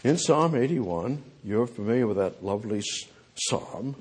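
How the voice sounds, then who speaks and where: Husky male preacher giving a sermon, moves between loud pleas and quiet asides, reads scripture slowly. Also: medium pitch, animated. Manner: swings from loud pleading to quiet, drawn-out reading of scripture; rhetorical questions to the congregation.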